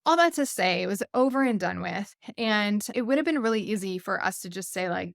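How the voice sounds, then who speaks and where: A woman in her thirties hosting a podcast, telling a family story in a casual, animated way with frequent laughs and "like" fillers. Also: medium pitch, fairly quick, gravelly, few pauses, no echo, studio quality. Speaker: podcast host.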